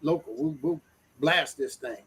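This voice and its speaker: A man's voice: a little high, a little slow, fairly bright tone, slightly rough. A man hosting a casual podcast chat, eager and stumbling, repeating his words. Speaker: podcast host.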